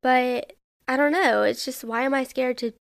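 A young woman hosts her own podcast and talks on her own in a loose, wandering way. She keeps questioning herself out loud. Her voice sits a bit high and has a steady vocal fry. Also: normal speed. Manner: rambling, self-questioning, heavy use of "like". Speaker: podcast host. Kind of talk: casual solo podcast monologue.

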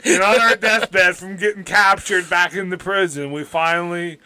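A man's voice: high-pitched, steady tone, normal speed, pushed and bright, clean tone. A man co-hosting a podcast in casual chat, riffing jokes and laughing often. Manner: jokey, riffs and laughs a lot. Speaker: podcast co-host.

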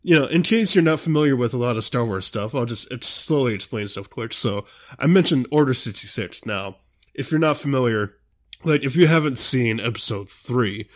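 A man's voice: medium pitch, animated, moderate pace. A young man hosting his own show, chatting casually and rambling a lot. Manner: rambling, full of "you know" fillers. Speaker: show host. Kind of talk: casual solo chat.

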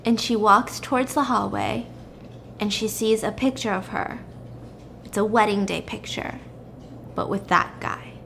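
A young woman retelling a story in a chatty, animated way, full of "like", as a podcast host. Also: mid-range voice, unhurried, vocal fry, a little hiss or hum. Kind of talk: casual story recap.

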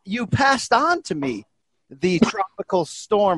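A man hosting a podcast, talking in a hyped, jokey, animated way. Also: high-pitched, normal speed, dry recording. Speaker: podcast host. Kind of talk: energetic podcast chat.

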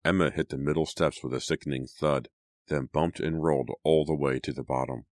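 A man narrating a teen horror audiobook in a steady, dramatic storytelling manner. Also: rumbling low, brisk, no echo, studio quality.

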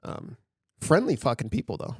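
A man's voice: medium pitch, very animated, moderate pace, breathy edge, no echo, studio quality. A man co-hosting a podcast in casual chat, rambling, swearing freely and getting enthusiastic. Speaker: podcast co-host.

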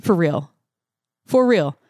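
Woman co-host, casual podcast banter, deadpan, dry close sound. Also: lowish voice, slow, no room sound.

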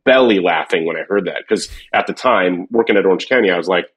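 This man has a deep, slightly rough voice and talks fast. On a casual podcast, he rambles through stories from his years at a drum company, restarting often and leaning on fillers.

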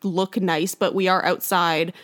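A woman's voice: on the low side, flat delivery, measured pace, fairly bright tone. A young woman casually telling a rambling story to a friend, full of fillers and laughter. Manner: rambling, heavy use of "like", laughs while telling stories.

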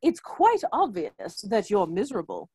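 A woman's voice: mid-range voice, sing-song, moderate pace, mellow, husky, dry recording. Woman putting on a smug quack advisor man.

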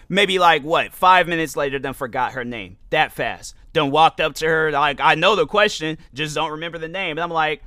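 Rambling young man, bright close voice. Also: a little high, moderate pace, hardly any pauses, no room sound. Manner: rambling, loose, many fillers and restarts. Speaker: podcast host. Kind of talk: casual storytelling monologue.

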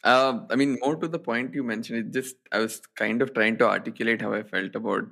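A man's voice: medium pitch, fairly even intonation, brisk, gravelly, fairly bright tone. A young man co-hosting a podcast, chatting casually and telling a story with fillers, restarts and easy laughs. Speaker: podcast co-host. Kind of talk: casual chat.

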